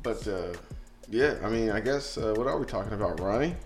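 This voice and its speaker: Guy on a podcast with a lively up-and-down voice, quick reactions, music faint behind. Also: on the low side. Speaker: podcast co-host. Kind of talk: casual chat.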